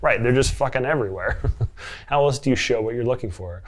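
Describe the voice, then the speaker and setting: A man's voice: medium pitch, brisk. A man in a casual reaction vlog, reading comments and answering with amused sarcasm and frequent laughter. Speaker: online commentator. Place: living in Portland.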